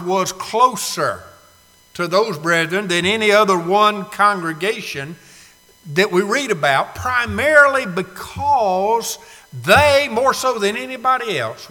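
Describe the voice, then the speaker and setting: A man pastor preaching a sermon, swinging from hushed asides to shouted emphasis, with drawn-out words and rhetorical questions. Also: sits high. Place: church sanctuary. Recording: long reverb of a church hall.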